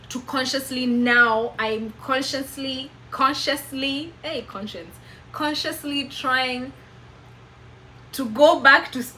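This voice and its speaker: A young Kenyan woman chats openly to her camera in a Kenyan accent, circling back and restarting phrases as she goes. Her voice sits a little high with a bright, forward edge, and a faint noise floor hums under the recording. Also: rough recording. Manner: candid and animated, repeats and restarts phrases. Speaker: vlogger. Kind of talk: casual chat to camera.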